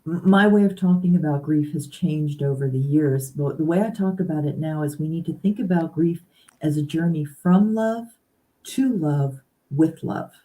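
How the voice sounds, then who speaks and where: A woman guest speaking earnestly and reflectively in a casual conversation, pausing to stress key words. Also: low-pitched, mellow. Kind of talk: casual conversation about grief.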